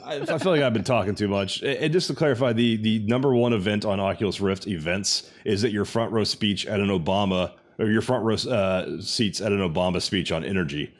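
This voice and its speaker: Low-voiced man ranting on a podcast. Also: brisk, few pauses. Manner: ranting, profane, animated. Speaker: podcast co-host. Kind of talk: casual chat.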